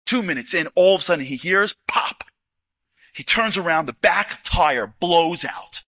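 A man telling a story to an audience, animated, acting out dialogue with casual asides. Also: on the high side, unhurried, no echo. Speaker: speaker. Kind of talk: storytelling talk.

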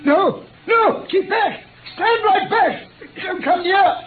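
Sherlock Holmes, ill and imperious. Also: male voice, high-pitched, animated, slight background noise. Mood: urgent, warning. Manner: weak, halting, then sharp and imperious. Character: gravely ill detective, proud and commanding. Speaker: detective. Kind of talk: old radio drama acting. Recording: tinny old radio broadcast with music.

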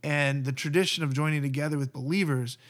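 A man's voice: fairly high pitch, steady tone, fast talker. A man, a pastor, talking earnestly and conversationally about church community. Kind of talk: casual podcast talk.

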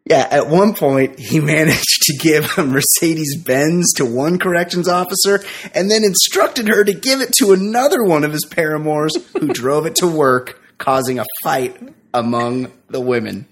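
A man co-hosting a casual comedy podcast, trading jokes with his partner. He reads stories aloud with a chuckle and talks in quick, loose banter. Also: on the high side. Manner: laughs while reading, quick banter. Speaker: podcast co-host.

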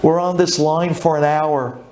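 A man telling a religious travel story with great drama, dropping low and then climbing to near shouts. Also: fairly even intonation, unhurried, slight background noise.

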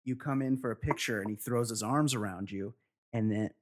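A man co-hosting a comedy podcast, joking crudely and giving deadpan denials. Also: mid-range voice, brisk. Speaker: podcast co-host.

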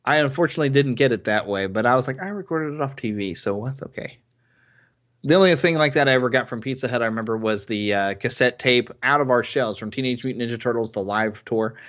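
A man co-hosting a casual podcast, chatting about old cartoons in a playful way. He laughs easily and slips into little acted-out quotes. His voice sits at an average pitch. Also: fast, hardly any pauses, a bit bright. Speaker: podcast co-host. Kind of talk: casual chat.

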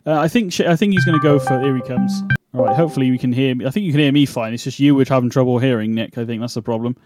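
A man's voice: mid-range voice, very fast, a little mellow, soft background music. A man from the UK hosting a casual wrestling podcast, rambling with many fillers and restarts. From United Kingdom. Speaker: podcast host. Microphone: remote call setup.

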